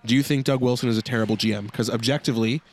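A man's voice: medium pitch, steady tone, very fast, faint music behind. A man co-hosting a casual podcast, reading listener email and giving blunt, joking opinions. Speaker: podcast co-host.

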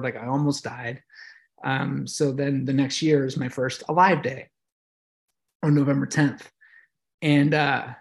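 A man's voice: medium pitch, gravelly. A middle-aged American man, a veteran guest on a podcast, telling his story in a reflective, emotional way with many fillers and restarts. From United States. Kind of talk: casual interview storytelling.

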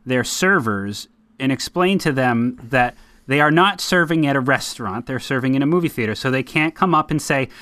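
A man's voice: medium pitch, normal speed, dry recording. A man co-hosting a podcast, joking around in casual chat. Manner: joking, animated impressions. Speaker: podcast co-host.

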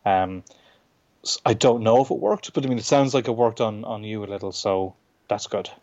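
A low-pitched Irish man chats about his writing in an interview, halting and restarting his sentences with plenty of fillers. The recording sounds dull and a little lo-fi. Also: darkish tone. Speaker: comic book writer. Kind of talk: casual interview chat.

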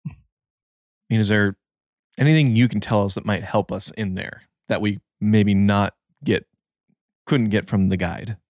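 A man's voice: fairly low pitch, fairly even intonation, darkish tone, no echo, clean studio sound. A man playing a tabletop game who chats casually, asks questions and jokes with the others. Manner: joking, quick to tease. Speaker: player.

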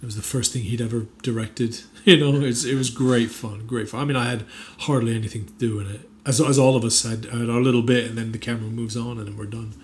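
A man's voice: mid-range voice, fairly even intonation, quick pace, few pauses, slight background noise. A man being interviewed as an actor, chatting casually with many fillers and restarts and bursts of emphatic enthusiasm. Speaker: actor guest.

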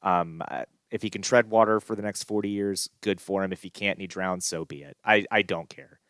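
A man's voice: sits low, brisk, a bit bright, dry recording, studio quality. A man co-hosting a casual sports podcast, ranting in an exasperated, gloomy way with sighs and restarts. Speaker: podcast co-host.

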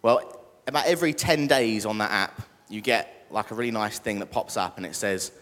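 A man's voice: lowish voice, moderate pace, a bit bright. A young British man preaching a casual sermon and joking with the congregation. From Britain. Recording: echoey church hall.

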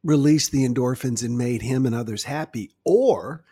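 A middle-aged man gently coaching listeners through a stress-relief exercise in a guided self-help talk. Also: medium pitch, moderate pace, breathy edge. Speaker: wellness guide.

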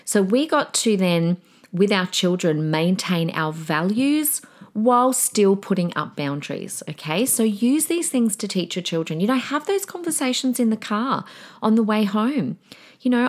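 Lively woman telling a parenting story. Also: mid-range voice, moderate pace. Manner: shifts into a soothing teacher voice when quoting. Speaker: parenting podcast host. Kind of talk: casual storytelling advice.

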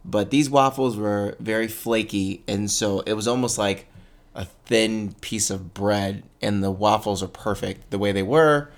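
A man's voice: on the low side, measured pace. A man casually chatting as a podcast co-host, rambling and laughing often. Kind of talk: casual chat.

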